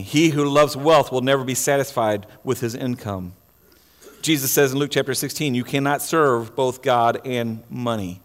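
Emphatic pastor preaching in a reverberant hall. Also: male voice, fairly high pitch. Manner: emphatic preaching with repeated words and restarts. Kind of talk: sermon. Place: church sanctuary.

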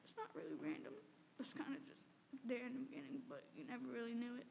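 A teenage girl giving an emotional personal testimony, halting and tearful, with many "like"s and "um"s. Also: fairly high pitch, expressive, vocal fry, darkish tone. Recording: long reverb, faint background noise.

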